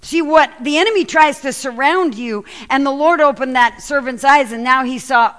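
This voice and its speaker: Animated woman preaching a sermon. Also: sits high, normal speed, few pauses. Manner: animated storytelling, acts out quoted lines. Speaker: pastor. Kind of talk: sermon with scripture reading.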